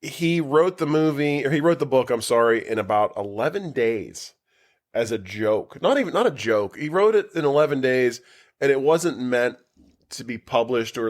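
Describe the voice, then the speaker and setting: A man co-hosting a casual podcast from a home basement, animated and quick to laugh and swear. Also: medium pitch. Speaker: podcast co-host.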